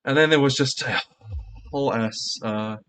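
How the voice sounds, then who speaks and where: A man ranting on stream, heated and full of swearing. He keeps firing rhetorical questions and answers them himself. His voice sits at a middling pitch. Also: moderate pace, fairly bright tone. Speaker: streamer reacting to a clip. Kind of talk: casual reaction rant.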